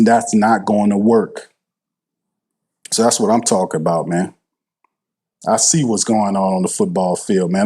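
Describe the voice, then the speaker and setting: A man's voice: on the low side, a little mellow, husky. A man, hosting a live sports stream, blunt and passionate, swearing freely and repeating himself for emphasis. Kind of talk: heated live sports commentary.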